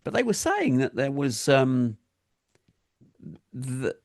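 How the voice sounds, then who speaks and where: A man's voice: medium pitch, wildly swooping pitch, slow pace, vocal fry, darkish tone, no room sound, studio quality. A man co-hosting a casual talk show, explaining things earnestly. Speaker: co-host. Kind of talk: casual chat.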